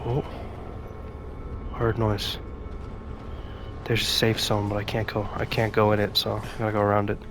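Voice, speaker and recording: A man's voice: lowish voice, completely flat delivery, moderate pace, long pauses, noisy background. A man casually commenting on his own gameplay, rambling and talking to himself, with sudden scared outbursts. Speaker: gaming YouTuber. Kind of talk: casual let's-play commentary.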